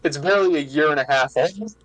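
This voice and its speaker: A man's voice: a little high, fast, a bit bright, no echo, rough recording. Eager chatty man, dry sound. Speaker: club leader joining a meeting. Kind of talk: casual meeting talk.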